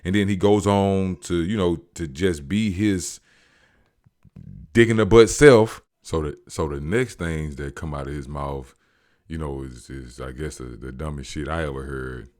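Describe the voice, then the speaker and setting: Deep-voiced man, slangy animated recap. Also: unhurried. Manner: animated, slangy, acts out quotes. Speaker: show recapper. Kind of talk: casual storytelling recap.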